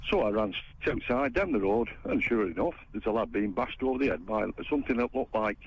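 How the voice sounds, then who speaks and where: An older man, calling in over a muffled phone line. His voice is gravelly and husky, and his pitch swoops up and down as he tells his rambling story in an animated way. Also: fairly quick. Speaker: caller.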